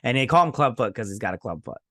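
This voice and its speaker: A man's voice: medium pitch, lively intonation, quick pace, pushed and bright, no echo, studio quality. Rambling man recapping a TV episode. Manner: rambling, many restarts and "he's like" paraphrases; loose and profane. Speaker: host.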